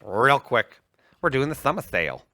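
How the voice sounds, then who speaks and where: Animated male co-host, jokey promo reads, dry booth sound. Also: mid-range voice, normal speed, no room sound. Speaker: livestream co-host. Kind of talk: casual tech chat.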